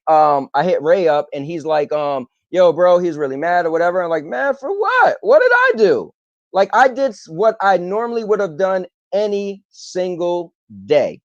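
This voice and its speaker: Casting: male podcast host, rambling storyteller, fairly high voice, dry dull lo-fi mic. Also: dry recording. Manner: rambling, animated retelling with filler ums. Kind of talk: casual storytelling monologue.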